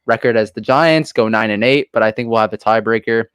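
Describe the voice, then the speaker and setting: A man's voice: fairly low pitch, brisk, a bit bright, clear, resonant tone, dry recording, clean studio sound. A man hosting a casual live sports talk stream, chatty and upbeat as he signs off. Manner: chatty, upbeat sign-offs. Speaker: host.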